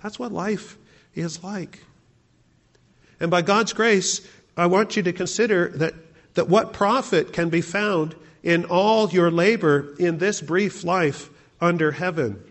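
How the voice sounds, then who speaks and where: A man's voice: high-pitched, slow, a bit bright. A male pastor preaching a sermon, asking the congregation rhetorical questions.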